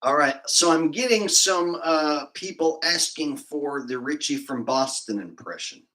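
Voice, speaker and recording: A man's voice: a little high, animated, unhurried, sharp tone, poor audio. A man livestreaming, chatting casually and jokingly with his viewers in a rambling, off-the-cuff way. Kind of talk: casual chat with live viewers.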